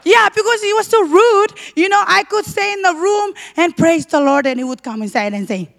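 Woman preaching her testimony, really high voice w/ lots of fry, fervent, gets loud. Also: lively intonation, normal speed. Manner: fervent, breaks into shouted praise; leans on repeated emphasis words. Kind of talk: sermon testimony.

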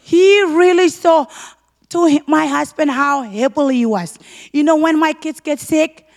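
A woman preaching a fervent sermon testimony, leaning on repeated emphasis and sometimes breaking into shouted praise. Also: high voice, measured pace, gravelly. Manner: leans on repeated emphasis words.

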